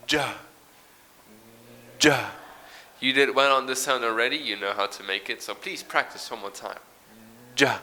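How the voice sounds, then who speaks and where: A man's voice: mid-range voice, sharp tone. A man teaching English pronunciation, explaining patiently, modelling sounds and reading a short text aloud. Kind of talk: recorded pronunciation lesson.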